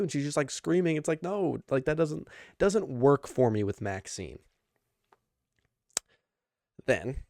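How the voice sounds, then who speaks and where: A young man hosting a podcast, rambling and excitable as he recaps wrestling, full of fillers and restarts. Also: on the low side, no echo, studio quality. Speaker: podcast host.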